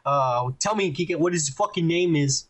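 High-voiced man ranting with heavy swearing. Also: normal speed. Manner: profane, heated ranting. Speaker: podcast host. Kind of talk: casual ranting review chat.

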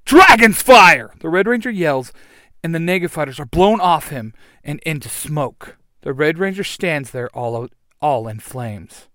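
A man narrating an action adventure story in a lively, animated reading. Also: fairly high pitch, measured pace, no room sound, studio quality.

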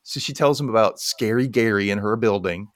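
A man's voice: lowish voice, a little fast, dry recording, clean studio sound. A man casually recapping a film plot and acting out the characters' lines in a chatty way. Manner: animated, acts out the characters' lines. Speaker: podcast co-host.

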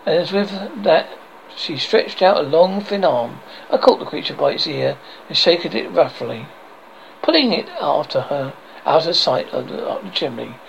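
A man, a horror host, reading a fairy tale aloud with expressive delivery, stumbling and correcting words. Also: fairly high pitch, normal speed, creaky, highs cut off, slight background noise. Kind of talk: storybook reading.

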